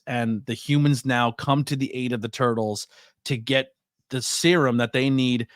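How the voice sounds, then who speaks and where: A man's voice: mid-range voice, fairly even intonation, moderate pace, dry recording, clean studio sound. A man hosting a podcast, loosely retelling a film's plot in a casual, rambling way with many fillers and restarts. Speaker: podcast host. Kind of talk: casual movie recap.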